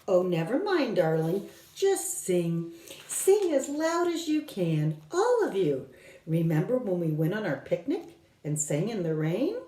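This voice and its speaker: A woman voicing a fussy, excitable elderly male professor with high, theatrical exclamations, read aloud from a storybook. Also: measured pace. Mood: rousing. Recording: roomy, from a distance.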